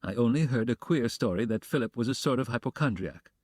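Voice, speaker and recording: A cool, guarded young woman, read by a man, answers sternly and dryly in an audiobook. The voice is calm, recorded close with no room sound. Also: medium pitch, a little fast, dry recording, close to an everyday voice. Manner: stern, dry.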